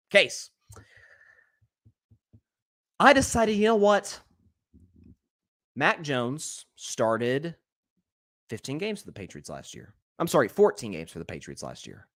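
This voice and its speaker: Animated opinionated sports host, man. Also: mid-range voice. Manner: animated, opinionated, talks fast with restarts. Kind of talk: solo sports commentary.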